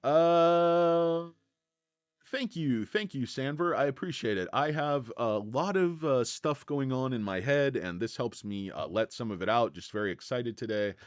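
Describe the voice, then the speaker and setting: A man's voice: medium pitch, unhurried, clear, resonant tone, dry recording. A middle-aged man hosting a stock market livestream, chatting casually, reading out comments, rambling and joking with lots of fillers. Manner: excitable, jokey, rambling with many fillers.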